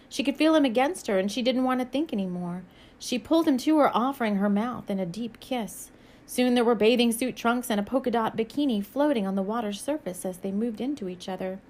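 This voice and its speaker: A woman's voice: mid-range voice, a little fast, a little mellow. A woman author reading her own romance novel aloud, then giving a musing spiritual message with frequent hesitations and small laughs.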